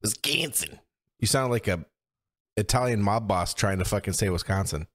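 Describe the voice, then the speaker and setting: A man's voice: lowish voice, brisk. A young man co-hosting a podcast, teasing his friend and giving blunt opinions in casual chat. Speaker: podcast co-host.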